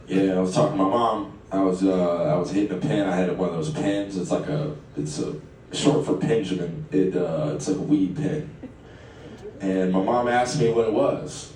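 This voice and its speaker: A man's voice: low voice, moderate pace, darkish tone, slight background noise. A man, doing a stand-up comedy set in a conversational way and chuckling through his lines. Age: late 20s. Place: live comedy venue, echoey room. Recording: echoey live room, distant, crowd ambience.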